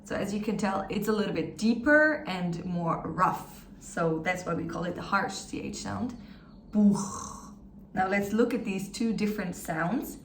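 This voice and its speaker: With a fairly bright, medium-pitched voice and lively intonation, a woman teaches pronunciation one step at a time, modeling sounds slowly in an upbeat, encouraging way. The mic sits slightly distant in an echoey space, catching faint ambience and a little hiss or hum.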